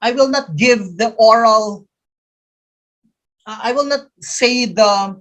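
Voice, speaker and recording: Filipino woman coaching an exam review. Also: on the high side. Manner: repeats questions and answers, switches into Tagalog. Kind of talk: live online quiz coaching.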